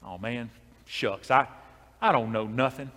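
A man voicing a soft-spoken, godly farmer in his early sixties who stammers humbly and talks in a homespun way. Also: medium pitch, measured pace, big-room sound, pitched below the performer's own voice, lightly acted. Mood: bashful.

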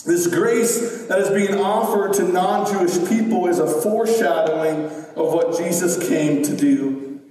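Male pastor, high voice, slow measured preaching, distant mic in a reverberant church hall. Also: soft background music. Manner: animated, acts out voices with big pitch swings. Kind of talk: sermon.

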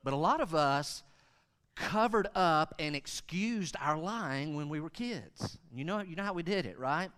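Bright-voiced pastor preaching. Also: male voice, high voice, moderate pace, clean tone, big-room sound. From Western North Carolina. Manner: animated preaching, acts out kids' voices. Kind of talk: sermon.

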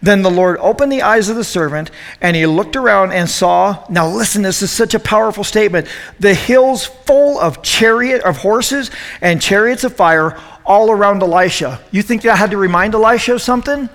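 A middle-aged man as youth pastor, giving an animated, joking sermon to a youth group and asking them questions. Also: sits high, moderate pace, long reverb tail.

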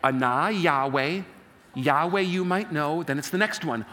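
A man preaching a sermon as pastor, animated, rousing his congregation in call-and-response. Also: a little high, measured pace.

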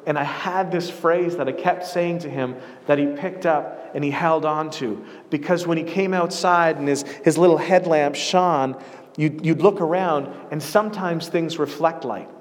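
A pastor with a fairly high male voice delivers a sermon as a story, returning to the same phrase again and again for emphasis. His fairly even intonation and normal speed ring out with a long reverb, as if in a large church hall.

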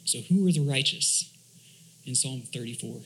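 A man's voice: mid-range voice, moderate pace, fairly bright tone, a little hiss or hum, poor audio. A man, a church elder, preaching a sermon, asking rhetorical questions, reading scripture aloud and explaining Hebrew words.

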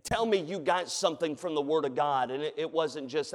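A man in his thirties preaching a sermon in a church, with an emphatic, repetitive cadence and relaxed asides. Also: on the high side, brisk, few pauses. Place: church sanctuary. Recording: long reverb of a church hall.

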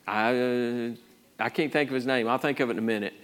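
A man's voice: medium pitch, steady tone, fairly quick. A male pastor preaching a conversational sermon, rambling through restarts and rising to urgent emphasis.

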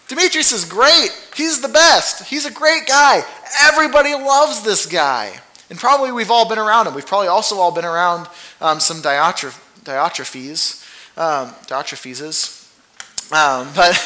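Guy preaching in church, chatty and jokey, kinda high bright voice. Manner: conversational, animated preaching with humor. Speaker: pastor. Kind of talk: sermon.

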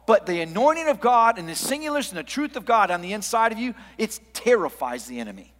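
A pastor preaches in a fairly high voice, dropping to quiet asides and then building to loud, emphatic declarations. His words ring out with the long reverb of a large hall. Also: big pitch swings, fast, few pauses. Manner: preaching with big swings from hushed to loud. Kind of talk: sermon.

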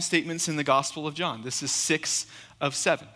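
A man's voice: fairly high pitch, moderate pace, pushed and bright, in a large hall. A man preaching a sermon, reading scripture and then explaining it in an earnest, emphatic way, repeating key phrases. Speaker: guest preacher.

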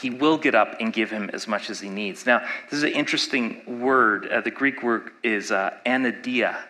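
A man's voice: on the low side, normal speed, bright, forceful tone, poor audio. A male pastor preaching a sermon in a conversational way, asking his listeners rhetorical questions.

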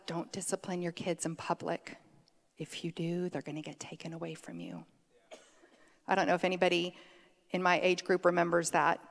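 A middle-aged woman giving a conversational sermon, chatty and quick to laugh, drifting off on tangents. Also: medium pitch. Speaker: preacher. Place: church sanctuary. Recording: long hall reverb.

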